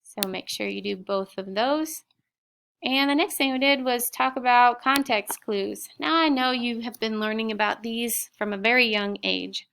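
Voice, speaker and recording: A middle-aged woman teacher slowly sounding out spelling words and explaining vocabulary in a recorded lesson. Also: on the high side, fairly bright tone, a little hiss or hum. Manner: slow, clear word-by-word sounding out.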